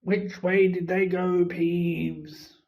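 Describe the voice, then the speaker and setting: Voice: mid-range voice, flat delivery, drawn-out words, vocal fry, darkish tone. Filch, a reader's impatient grumpy old caretaker. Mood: impatient demanding. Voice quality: impatient, demanding. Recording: dull lo-fi recording, off-mic.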